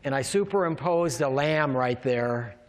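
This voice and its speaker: A man's voice: mid-range voice, lively intonation, measured pace, in a large hall. A man preaching a sermon, emphatic and asking his congregation questions as he explains scripture. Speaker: pastor.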